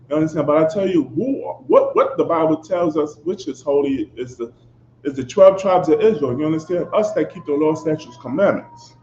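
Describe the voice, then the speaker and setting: In an echoey room with a dull sound, faint ambience and slight background noise, a man preaches a fiery, confrontational sermon. His voice is fairly high; he drives each point home emphatically, alternates loud outbursts with low asides, and keeps asking "you understand?"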